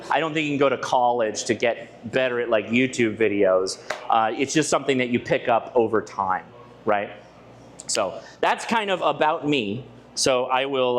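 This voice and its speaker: A man from Southern California giving a conversational presentation at a club, telling stories with frequent restarts and asides to the audience. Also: mid-range voice. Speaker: ham radio channel presenter giving a club talk. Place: club meeting room with a live audience.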